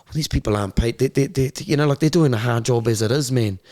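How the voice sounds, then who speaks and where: A man's voice: mid-range voice, quick pace, warm tone. A man, a guest candidly telling his life story in an interview, blunt, swearing freely and repeating words as he searches for them.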